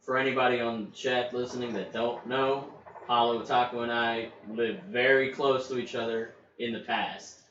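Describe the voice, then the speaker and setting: A man's voice: medium pitch, fairly even intonation, moderate pace, a bit bright, a little hiss or hum. A man co-hosting a casual podcast chat, making blunt joking remarks. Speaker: podcast co-host. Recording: distant, echoey, dull lo-fi mic.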